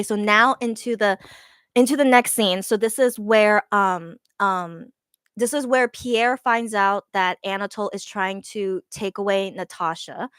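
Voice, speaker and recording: A woman excitedly retelling a night at the theater in casual storytelling, giggly and rambling, full of fillers and restarts. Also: mid-range voice, no echo. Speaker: fan recounting a theater show.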